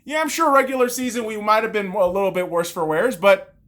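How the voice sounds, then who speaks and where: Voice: medium pitch, a little fast, fairly bright tone. A podcast host alone in a room, ranting about basketball with constant swearing and heated bursts. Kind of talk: solo sports rant.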